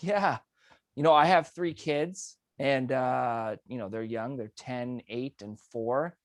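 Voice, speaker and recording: A man's voice: mid-range voice, slow pace, no room sound, clean studio sound. A man competing in a speech contest, answering questions earnestly over a video call. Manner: earnest, with fillers. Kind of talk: casual interview answers.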